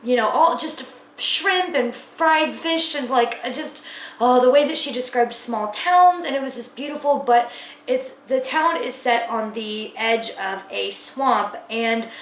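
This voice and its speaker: A woman's voice: on the high side, a little slow, roomy sound, a little hiss or hum. A woman from the southern United States, chatting enthusiastically as a book vlogger in a casual tag video. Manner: gushing, enthusiastic, chatty with fillers.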